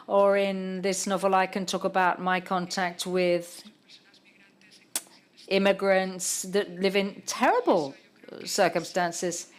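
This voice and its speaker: A woman's voice: mid-range voice, steady tone, slow. Woman novelist, panel guest; thoughtful, word-searching delivery. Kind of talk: public literary conversation.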